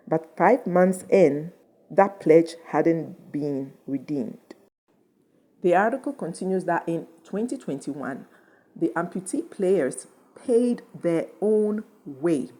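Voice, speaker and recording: A woman's voice: low voice, expressive, slow, warm tone. A woman hosting a commentary channel, speaking with indignant, emphatic passion. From Ghana. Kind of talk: impassioned commentary.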